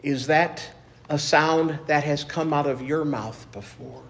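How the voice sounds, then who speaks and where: A pastor delivers a sermon in an earnest, measured manner, repeating phrases for emphasis. His voice is a little high and holds a steady tone.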